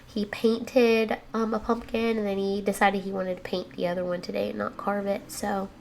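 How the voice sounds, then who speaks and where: Animated woman telling a parenting story. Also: mid-range voice, normal speed, gravelly, a little hiss or hum. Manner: animated, acts out a child's voice in anecdotes. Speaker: podcast co-host, mother. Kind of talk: casual chat, storytelling.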